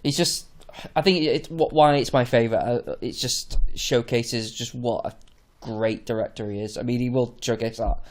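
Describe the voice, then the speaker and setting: A man co-hosting a film podcast, hesitant, full of restarts, often trailing off quietly. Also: medium pitch, fairly even intonation, normal speed. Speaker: podcast co-host. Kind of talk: casual film review chat.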